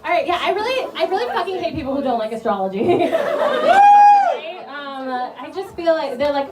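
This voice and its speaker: A woman's voice: sits high, wildly swooping pitch, moderate pace, background noise. A woman performing a stand-up comedy set, rambling and self-mocking with lots of fillers, laughing at her own jokes. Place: small bar venue with live audience. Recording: echoey bar recording from far off, loud crowd.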